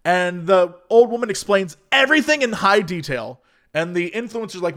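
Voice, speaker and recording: A man's voice: high-pitched, lively intonation, moderate pace, a bit bright. A man in casual chat, telling a story with lots of animation and acting out quotes.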